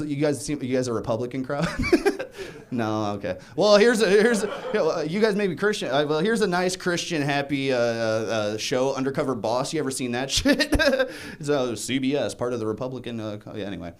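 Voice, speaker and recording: A man's voice: mid-range voice, lively intonation, moderate pace. A young man doing a stand-up set in a comedy club, self-deprecating and rambling, chuckling between jokes.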